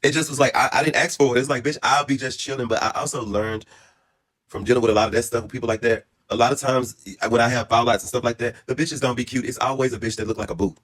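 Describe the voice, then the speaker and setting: Man, 30s, casual story time, quick, bright, animated, profane. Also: medium pitch. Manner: animated, profane, brassy and dramatic; calmer and reflective later on. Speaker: storyteller vlogger.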